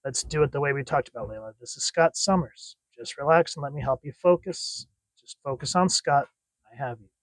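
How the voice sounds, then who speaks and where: A man reads out a soothing female telepath in a soft, low voice. The delivery is quiet and even, and the sound is dry and close. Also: brisk, no echo, lightly acted. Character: calm adult woman telepath, soothing.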